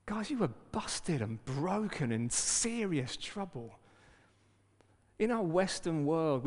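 A man preaching a sermon as pastor, lively and emphatic, with joking asides. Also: on the high side. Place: church hall. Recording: long reverb of a hall.

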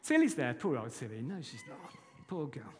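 A man preaching a sermon as pastor, lively and playful, talking straight to kids and adults. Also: medium pitch, moderate pace. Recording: long hall reverb.

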